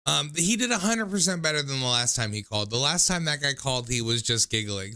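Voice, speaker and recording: Young male call-in host, rambling self-deprecating talker, fry-laden voice. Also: medium pitch, expressive, normal speed, bright, forceful tone. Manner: rambling, self-mocking storyteller. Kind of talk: casual livestream call-in chat.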